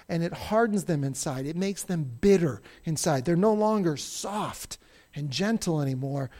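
A Bible teacher telling stories to a class in an expressive way, swinging between loud outbursts and hushed moments and calling on people to read. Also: mid-range voice. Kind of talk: animated Bible story lesson.

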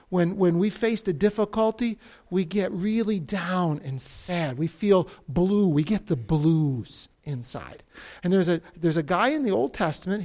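An animated Bible teacher whose pitch leaps all over as they tell the stories. The delivery swings from loud outbursts to near-whispers, and the pitch sits in a middle range. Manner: expressive storyteller with big swings between loud and hushed. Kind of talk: animated Bible story lesson.

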